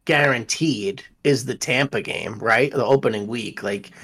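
This podcast co-host has a slightly rough, fairly bright mid-range voice and talks a little slowly. Chatting loosely about football, he swears, speaks bluntly, and cracks jokes about his team.

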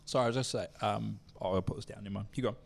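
A man's voice: on the low side, steady tone, racing, vocal fry. A young man, co-hosting a podcast and cutting in with teasing jokes and frequent laughter. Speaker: podcast co-host. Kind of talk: casual banter.

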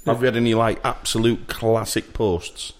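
A man's voice: mid-range voice, level tone, moderate pace, heavy background noise. A man hosting a fan podcast, jokey and prone to laughing, in casual comic chat. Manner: jokey, giggly, breaks into laughter. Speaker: podcast host.

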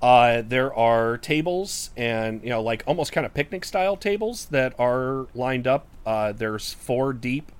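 A man's voice: medium pitch, lively intonation, smooth. Man narrating a tabletop game. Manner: unhurried, halting, full of fillers. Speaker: game master.

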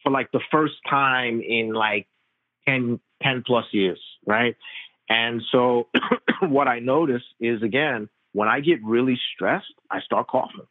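Male doctor guest, casual and animated with plenty of slang, mid-range voice, recorded over a phone-thin dry line. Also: mid-range voice, takes it slowly, no echo, narrow, tinny audio. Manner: animated, slangy, tells stories with quoted dialogue. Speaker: physician, interview guest. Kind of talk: casual conversational storytelling.

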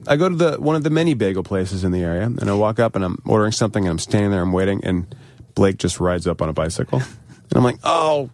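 Man, lowish voice, podcast co-host, enthusiastic, dry sound. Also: lively intonation, fast, darkish tone, no room sound. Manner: enthusiastic storyteller. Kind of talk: casual podcast chat.

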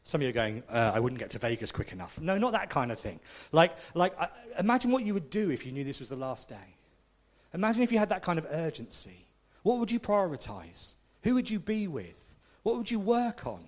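A man's voice: fairly high pitch, big pitch swings, a little fast. A man preaching a conversational, self-deprecating sermon, often checking in with the congregation. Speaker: pastor.

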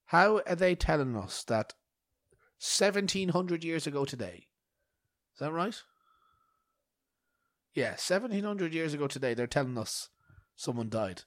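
A man's voice: medium pitch, expressive, normal speed, no echo, clean studio sound. Sweary man with a cough. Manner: rambling, sweary, mock-outraged, self-mocking. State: bad cough. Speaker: podcast host. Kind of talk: rambling solo podcast chat.

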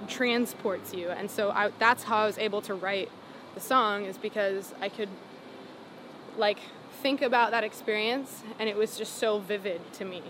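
A young woman, a singer-songwriter, telling her story in a casual interview, full of "like" and "um" and animated retellings. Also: medium pitch, normal speed, background noise. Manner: rambling, lots of "like" and "um", animated retelling.

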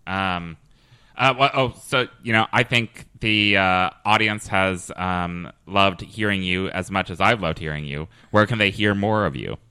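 A man hosting a comedy podcast, talking in a deadpan, wry way with many hesitations. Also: low voice, measured pace, smooth, no room sound. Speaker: podcast host. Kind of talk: casual comedy podcast chat.

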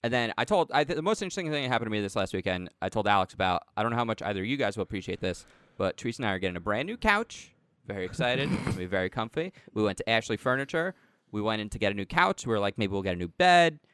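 Man, casual podcast chat, rambling with fillers, smooth resonant voice, dry sound. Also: fairly low pitch, big pitch swings, very fast, fairly bright tone, dry recording. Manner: rambling, heavy use of "like" and "um".

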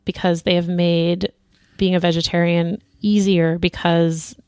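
A relaxed, chatty woman talking with her co-host, dropping plenty of ums and laughing easily. Her voice sits close and dry, with no room sound around it. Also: on the low side, unhurried, smooth, dry recording. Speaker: podcast co-host. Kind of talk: casual chat.

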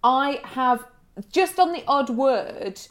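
A woman with a northern English accent, chatting in an animated way and laughing through her stories. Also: high voice, slow. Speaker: podcast co-host. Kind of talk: casual chat.

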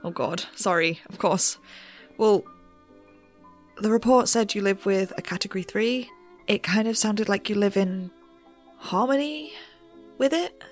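A woman's voice: medium pitch, a little slow, long pauses, faint music behind, close to an everyday voice. A woman playing a nervous young researcher who bends the rules and narrates in a rambling, self-deprecating way. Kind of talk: audio drama narration.

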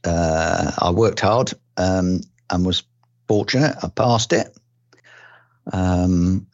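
A man's voice: sits low, no echo. An older man from England, a retired police detective, recalling his career in an interview with many ums, restarts and dry humour. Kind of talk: relaxed oral-history recollection. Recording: dull dry lo-fi recording.

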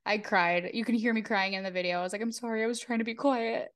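A woman's voice: a little high, steady tone, fast talker, a bit bright. Chatty young woman saying "like" constantly. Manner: chatty, filler-heavy, lots of "like", swears casually. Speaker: podcast co-host. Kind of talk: casual chat.

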